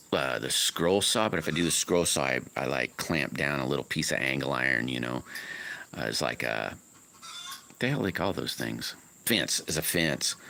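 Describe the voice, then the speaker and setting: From his home on a wooded property, a livestream host who makes slingshots rambles casually to viewers about his workshop, often correcting himself. His voice is a low, creaky rumble with a fairly bright tone, and there's slight background noise.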